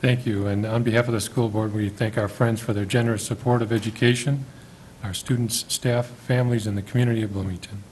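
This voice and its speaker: A man chairing a school board meeting, friendly and a little halting, unsure of how to say some names. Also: on the low side, steady tone, a little mellow, slight background noise, poor audio. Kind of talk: meeting proceedings.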